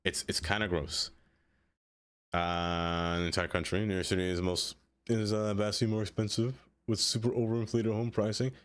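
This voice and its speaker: A lowish male voice, delivered flatly at a moderate pace, carries this casual live stream of a city-building game. The streamer wanders from topic to topic, answers viewers by name, and peppers his speech with "like."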